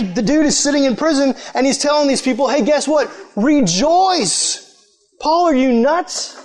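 A man preaching a sermon in a casual, animated way, acting out the people he quotes. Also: very high voice.

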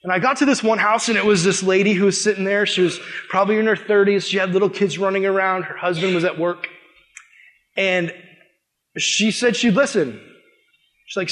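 A young man as youth pastor, preaching a sermon with animated storytelling that acts out the dialogue. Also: high-pitched, brisk.

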